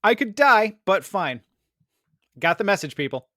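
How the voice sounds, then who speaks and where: Male co-host, comedic radio banter, lively intonation. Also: high voice, unhurried, no room sound, clean studio sound. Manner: playful, laughing at his own slips. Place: radio studio.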